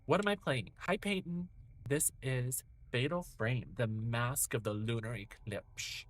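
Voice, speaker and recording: On stream, a man in his thirties plays a horror game and talks loosely to his audience, profane and rambling as one memory leads to the next. He speaks at a medium pitch and a little slowly.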